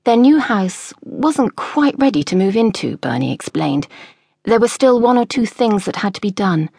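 Audiobook narrator, woman, husky, measured, dry studio sound. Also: mid-range voice, big pitch swings, a little mellow, no room sound. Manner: measured, storytelling.

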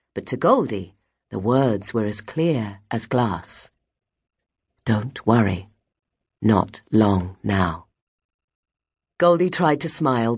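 A woman narrating a children's audiobook in an expressive, measured way. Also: extremely low pitch, husky. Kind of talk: scripted children's book narration.

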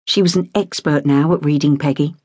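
Audiobook narrator, woman, lowish, measured, dry booth sound. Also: steady tone, dark tone, husky, no room sound. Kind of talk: scripted narration.

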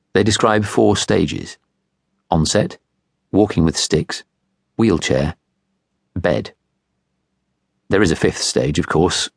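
Deep, husky male narrator. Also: dry recording. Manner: measured, wry storytelling. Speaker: audiobook narrator. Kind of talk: first-person literary narration. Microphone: close studio microphone. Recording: dry close studio recording.

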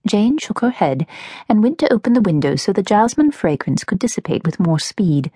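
A woman reading her novel aloud as an audiobook narrator, telling the story in an expressive, measured way. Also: medium pitch, slightly rough, no echo, studio quality. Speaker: author and narrator.

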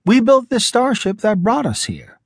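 A man's voice: very high voice, moderate pace, creaky, no echo, studio quality, pitched above the performer's own voice, exaggerated voice. A man voicing a composed male scientist earnestly pleading his case. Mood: impassioned. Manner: calm, controlled, then impassioned.

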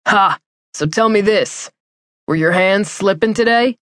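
A woman's voice: mid-range voice, unhurried, fairly bright tone, dry recording, studio quality, close to an everyday voice. A woman voicing a cocky veteran male pilot. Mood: scoffing. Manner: teasing, scoffing.

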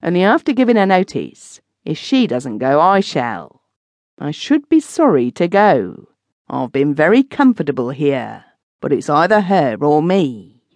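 A woman voicing a scheming middle-aged housekeeper in an audiobook, dry and quietly menacing. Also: sits low, big pitch swings, unhurried, no echo, exaggerated voice. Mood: respectful. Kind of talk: audiobook reading.

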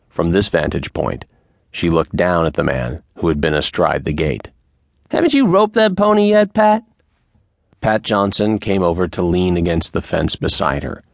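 Male audiobook narrator: very low, slow and measured, dry close sound. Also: gravelly, no room sound. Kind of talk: scripted narration.

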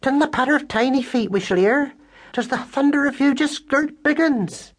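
A man voicing an excitable female mouse, high and husky, in an audiobook. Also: moderate pace. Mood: distressed. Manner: high, flustered, broad rustic speech. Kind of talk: audiobook character voice.

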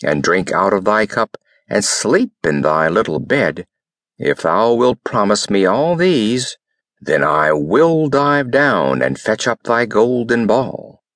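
A man voicing a male frog who speaks slowly and solemnly in old-fashioned words. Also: lowish voice, very animated, fairly bright tone, no echo, studio quality, heavily acted. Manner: slow, deliberate, archaic speech.

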